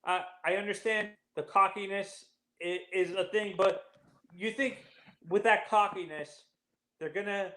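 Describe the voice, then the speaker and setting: Halting man in an echoey room. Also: high-pitched, steady tone, a bit bright. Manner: halting, restarts often. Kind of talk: casual sports chat.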